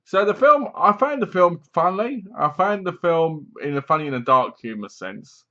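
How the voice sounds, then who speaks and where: A man's voice: on the high side, lively intonation, normal speed, sharp tone. Man rambling through a film review. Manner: rambling, enthusiastic retelling with acted-out quotes and laughs. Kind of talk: casual spoken film review. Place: home room, seated in a squeaky chair. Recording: dull lo-fi home recording.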